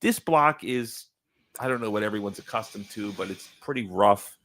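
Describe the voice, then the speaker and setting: Man clearing his throat, chatting casually. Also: on the low side, expressive, normal speed, fairly bright tone. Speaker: co-host and producer. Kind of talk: casual chat.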